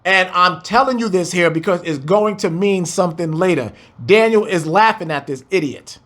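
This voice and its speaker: A man's voice: high-pitched, moderate pace, fairly bright tone. A man reading scripture verse by verse and breaking it down in emphatic, conversational commentary, talking to his listeners as family. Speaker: Bible teacher. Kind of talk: casual Bible study commentary.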